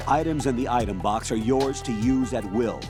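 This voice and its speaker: A man voicing a stern older military colonel, giving measured, authoritative mission briefings in a video game. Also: medium pitch, close to an everyday voice. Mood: calm, commanding. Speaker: mission commander on radio. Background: game music.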